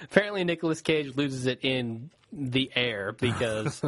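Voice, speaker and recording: A man co-hosting a casual chat podcast, animated and joking as he riffs on movies. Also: medium pitch, normal speed, dry recording. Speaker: podcast co-host.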